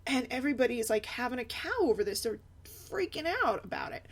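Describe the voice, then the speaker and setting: Young woman, fairly high voice, chatty vlog talk, animated, laughs a lot. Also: fast talker. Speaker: mom blogger. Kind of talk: casual vlog chat.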